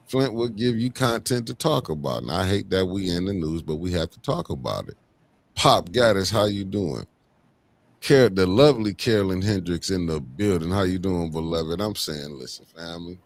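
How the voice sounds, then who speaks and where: A deep-voiced man hosts a casual livestream chat. He talks in loose slang and greets his viewers one by one by name. His tone stays low and easygoing. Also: lively intonation, normal speed, gravelly. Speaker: livestream host.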